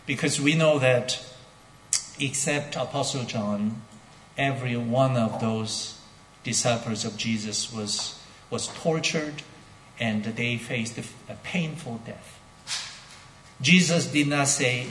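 A man preaching a sermon as pastor, speaking deliberately and building to emphatic declarations with repeated phrases. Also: mid-range voice, a bit bright, slight background noise. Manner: slow, deliberate delivery with repetitions. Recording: echoey hall with long reverb.

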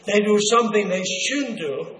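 Older preacher in an echoey hall. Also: male voice, high voice, animated, a bit bright. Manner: slow, earnest, drawn-out delivery with quoted asides. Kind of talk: sermon. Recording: echoey hall, faint ambience.

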